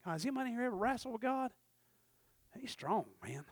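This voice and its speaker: Male pastor, high bright voice, folksy storyteller, dry close sound. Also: big pitch swings, fast talker, no echo. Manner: swings from shouting peaks to low murmurs; folksy storytelling with acted-out dialogue. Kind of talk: sermon.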